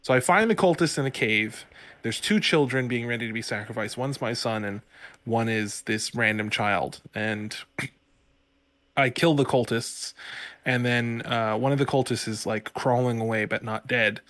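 A man's voice: mid-range voice, unhurried, a bit bright, no echo. Male podcast co-host, loose rambling storyteller, casual and chatty. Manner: rambling, full of "like" and "you know" fillers. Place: home studio.

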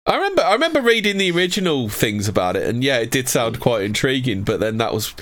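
A man's voice: mid-range voice, sing-song, fairly bright tone. A man co-hosting a casual online chat who teases the others and laughs easily. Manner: teasing, quick to laugh.

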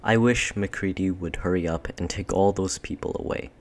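A man's voice: low voice, steady tone, moderate pace. A man voicing a sensible, practical older girl, speaking in a lifted, reasonable way.

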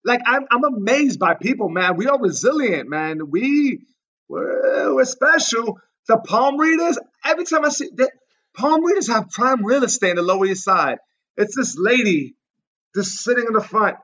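A man's voice: very high-pitched, normal speed, muffled recording, slight background noise. A man, a podcast guest, telling comedic stories in a casual, profane way and acting out the people in them. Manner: animated, profane, acts out the people in his stories.

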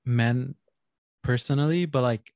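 A man's voice: mid-range voice, measured pace, creaky, a little mellow, no echo. A man co-hosts a casual podcast and mostly chimes in. He backs up his co-host with emphatic, supportive comments and the odd swear. The sound is dry and close.

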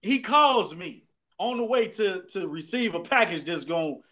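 A man's voice: sits high, lively intonation, unhurried, bright, forceful tone. A man co-hosting a casual talk show, telling loose, profane stories and joking with his friends. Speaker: podcast co-host. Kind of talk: casual banter among friends.

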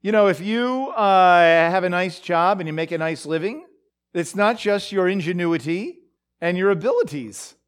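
A man giving a sermon-style Bible teaching, halting with many fillers and restarts. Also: high-pitched, expressive.

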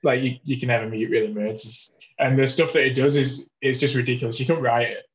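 A man's voice: mid-range voice, steady tone, fast, dull audio. A man from the UK, a hockey player guest chatting casually, often repeating words and restarting his sentences. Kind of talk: casual chat.

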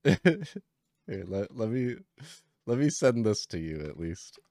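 A man's voice: fairly low pitch, animated, measured pace, mellow, no room sound, studio quality. A man co-hosting a podcast in casual chat, teasing and telling stories in a laid-back way. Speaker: podcast co-host.

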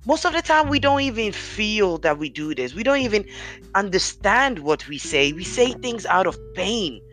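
A podcast host with a deep, commanding voice, giving an earnest, encouraging motivational talk straight to listeners. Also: very animated, moderate pace, a bit bright, faint music behind.

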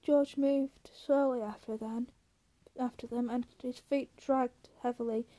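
A woman reading a novel aloud at a steady pace, now and then stumbling and correcting herself. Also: a little high, unhurried. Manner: steady, with slips and self-corrections. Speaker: audiobook reader.

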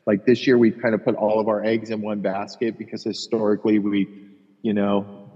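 Husky-voiced male podcast co-host, lively crude golf anecdotes, long reverb, dull lo-fi sound. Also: lowish voice, normal speed. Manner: animated storyteller, profane. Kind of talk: casual golf chat. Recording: dull, roomy with long echo.

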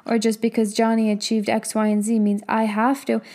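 A young woman speaks as a motivational coach, her voice a little high yet mellow and warm. She talks casually and emphatically, stacking rhetorical questions and letting an occasional swear slip. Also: completely flat delivery, a little fast. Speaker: business and mindset coach. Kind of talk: motivational talk.

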